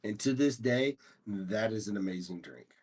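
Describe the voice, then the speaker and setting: A man's voice: lowish voice, lively intonation, moderate pace, a little mellow, a little hiss or hum. A man co-hosting a podcast, laid-back and laughing as he tells stories. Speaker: podcast co-host. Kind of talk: casual comedic podcast chat.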